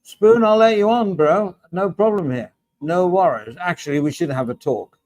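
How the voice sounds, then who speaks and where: A man's voice: high-pitched, moderate pace, darkish tone, dry recording, poor audio. A middle-aged man hosting a casual livestream, reading out chat and joking with viewers by name. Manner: chatty, jokey, addresses viewers by name.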